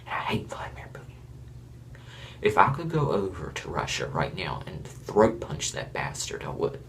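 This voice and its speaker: Blunt, gravelly-voiced man rambling a review. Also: low-pitched, fairly bright tone, slight background noise. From Florida. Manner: blunt, rambling, chuckling asides. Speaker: reality show reviewer. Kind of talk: casual opinionated review.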